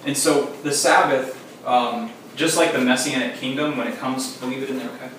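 A man talks a small group through a teaching in an easygoing way, pausing on "um"s as he explains. He sounds set back from the mic in a very echoey room, with faint noise underneath. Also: medium pitch, recorded from a distance. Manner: relaxed, filler-heavy explaining. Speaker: teacher leading a Sabbath demonstration.

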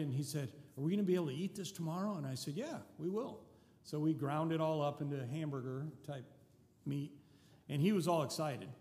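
Speaking in a slightly high, somewhat mellow voice, an older New Zealander visiting as a missionary spins casual stories for a congregation. His style is folksy and chatty, full of restarts and wry asides, echoing with long reverb through the church sanctuary.

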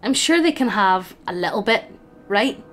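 A woman's voice: mid-range voice, expressive, normal speed, a bit bright, faint music behind, close to an everyday voice. A woman voicing a nervous male guard who mutters with dread in his voice.

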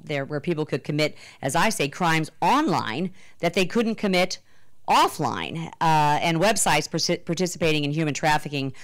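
Emphatic congresswoman with a low voice. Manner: emphatic, many fillers and restarts. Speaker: congresswoman speaking on a panel. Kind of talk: policy speech to an audience.

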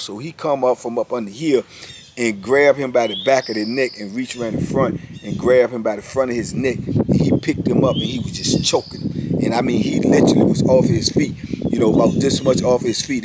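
A man's voice: mid-range voice, a little hiss or hum. Man in his fifties telling a story. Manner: emphatic, repeats key phrases, slangy. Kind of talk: casual spoken storytelling.

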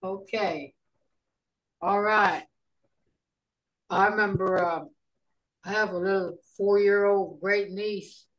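A middle-aged woman leads a casual language class over a video call. She talks slowly and in a folksy way, pausing often to think aloud. Her pitch sits in an ordinary middle range. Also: steady tone, fairly bright tone, highs cut off. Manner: unhurried, folksy, thinks aloud with many fillers. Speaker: language teacher.

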